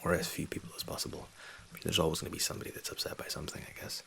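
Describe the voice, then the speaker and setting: A very low, gravelly man in his thirties, from England and raised in Scotland, answering viewer questions in soft-spoken ASMR. He keeps his voice hushed and easygoing, often sliding into whispers, close to a condenser mic at home. His voice has a heavy, creaky fry. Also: completely flat delivery, rapid-fire. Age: 30s. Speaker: ASMR channel host. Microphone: USB condenser mic.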